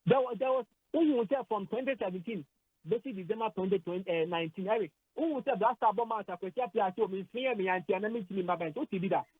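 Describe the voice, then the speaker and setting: A Ghanaian man speaks on a sports radio program in a dry studio. His husky voice sits high for a man. He stumbles, repeats himself and mixes Twi with English. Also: fast, no room sound, phone-quality sound. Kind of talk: emotional radio sports discussion.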